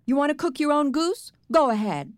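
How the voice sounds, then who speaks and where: Annoyed big brother kid, read by a woman, a bit higher, dry recording. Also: very animated, normal speed, no echo. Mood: exasperated. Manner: exasperated, arguing. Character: exasperated older brother, a boy.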